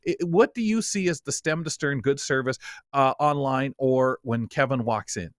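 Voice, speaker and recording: A man hosting a talk show in casual studio chat, animated, acting out quoted voices as he talks. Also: medium pitch, moderate pace, dry recording.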